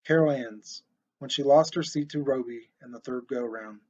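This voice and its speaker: A man narrating an audiobook in a steady, expressive storytelling voice. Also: medium pitch, normal speed, husky. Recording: muffled lo-fi recording.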